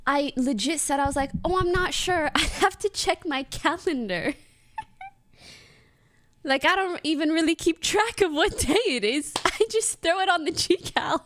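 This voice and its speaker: A young woman streamer telling a story in casual chat to her viewers, giggling often and talking in an animated way. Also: high voice, measured pace, a little hiss or hum.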